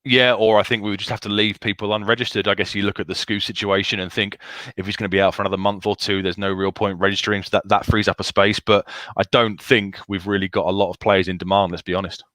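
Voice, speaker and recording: A man co-hosting a football podcast, giving quick, assured opinions in casual chat. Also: on the low side, little pitch movement, fairly bright tone, dry recording. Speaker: podcast co-host.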